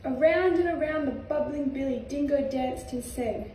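A young Australian woman reading a children's picture book aloud in a gentle, sing-song way. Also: sits high, normal speed, few pauses, a little hiss or hum. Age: young adult. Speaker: reader, footballer. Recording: echoey room, far from mic.

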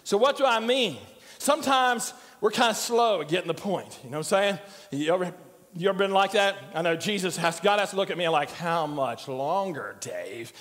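A man's voice: high voice, fairly quick, a bit bright. An older man preaching a sermon as pastor, conversational and joking as he tells stories. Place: church sanctuary. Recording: church hall reverb.

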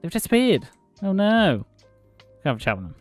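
A young man running a game server who comments as he plays and mocks players, swearing now and then. His voice sits high and bounces around lively. Faint music plays under him. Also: a little fast. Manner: mocking, excitable, swears. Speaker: game server admin streamer. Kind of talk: gameplay commentary and trolling players.

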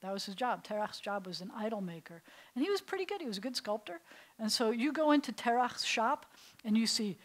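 A woman rabbi teaching a class, telling the story in an animated, conversational way. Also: fairly high pitch, a little fast. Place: synagogue classroom.

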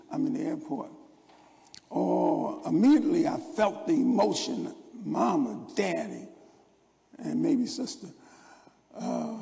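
A man's voice: sits high, gravelly, dark tone. An older man preaching a sermon as pastor, rambling through stories with stammered restarts. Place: church sanctuary. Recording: long church hall reverb.

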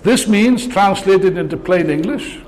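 A man's voice: sits high, lively intonation, a little slow, darkish tone. An older man giving a rousing political speech, sarcastic and full of rhetorical questions, before an audience in a large hall. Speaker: political speaker.

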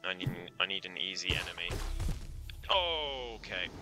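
Low-voiced man streaming a game. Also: very animated, a little slow, music in the background. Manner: chatty, reacts aloud, laughs often. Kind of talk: casual live gameplay commentary.

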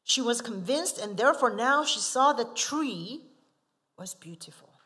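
A woman missionary delivers a sermon in a fairly high, lively voice at a measured pace. She keeps putting rhetorical questions to the congregation and hits key words with emphasis, moving between soft asides and forceful stresses.

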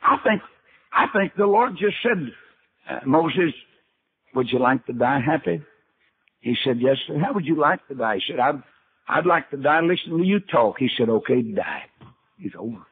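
Older preacher guy, folksy storytelling, slightly high husky voice, sounds like an old phone-line recording. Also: animated, normal speed. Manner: folksy storytelling, acting out Bible dialogue. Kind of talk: sermon. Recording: tinny archival sermon recording.

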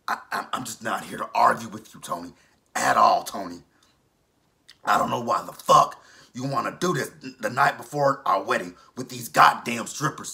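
A man voicing a furious bride-to-be who shouts and curses. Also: lowish voice, gravelly, exaggerated voice. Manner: shouting, profane. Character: furious bride-to-be woman, loud and cursing.

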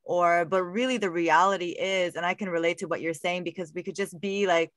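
A woman's voice: on the low side, fairly even intonation, fairly quick, dry recording, clean studio sound. A woman hosting a casual interview, reflective and speaking in loose run-on phrases. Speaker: host.

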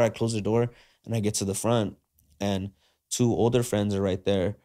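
Man, podcast guest, lowish voice, slangy casual storytelling, acts out dialogue. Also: moderate pace. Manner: slangy, animated retelling that acts out quoted dialogue; frequent fillers like "like" and "uh".

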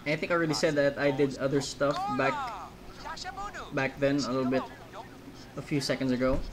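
A man's voice: medium pitch, level tone, fairly quick, crowd noise, poor audio. A man giving casual let's-play commentary, rambling between jokey asides.

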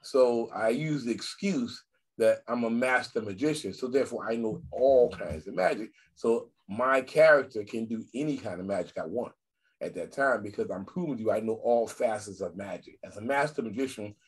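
At a moderate pace, an older guest magician chats casually over video, his mid-range voice slightly rough. He tells stories with animation and repeats phrases to drive points home.

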